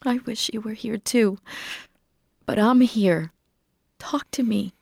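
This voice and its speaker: Woman playing a gentle worried aunt. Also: on the high side, takes it slowly, vocal fry, husky, no room sound, clean studio sound, heavily acted. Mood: pleading. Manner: gentle, pleading. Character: caring aunt, patient and worried.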